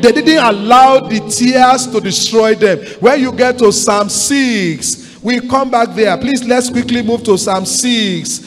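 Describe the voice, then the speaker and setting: High-voiced Nigerian pastor exhorting his church. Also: takes it slowly, hardly any pauses. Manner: exhorting, repetitive call-and-response with congregation. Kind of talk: sermon. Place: large church hall. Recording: long church hall reverb, faint music.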